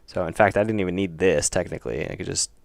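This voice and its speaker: Low gravelly dude live-streaming his game dev, joking around and talking to himself, real dry close sound. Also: fast, no room sound. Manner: thinks aloud, joking and self-correcting. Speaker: indie game developer streaming. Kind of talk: casual livestream chat while working.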